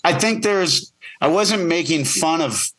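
Bright-voiced man rambling casually. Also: on the high side, animated, unhurried, husky. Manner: rambling, self-correcting, joking. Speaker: podcast co-producer and guest. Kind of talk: casual chat.

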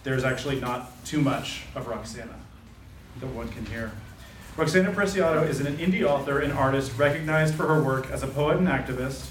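A man's voice: mid-range voice, fairly quick, slight background noise. A man hosting a live literary event, casually introducing the next reader with fillers and asides. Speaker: event host. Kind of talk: introducing a speaker. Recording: roomy hall, distant mic, faint ambience.

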